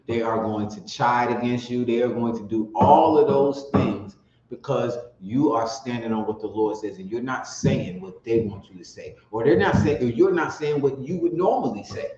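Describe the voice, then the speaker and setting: A man preaching on the street, profane and fiery, teaching from scripture and swinging from mutters to shouts. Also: medium pitch. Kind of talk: street sermon with scripture reading. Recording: roomy dull lo-fi recording with faint noise.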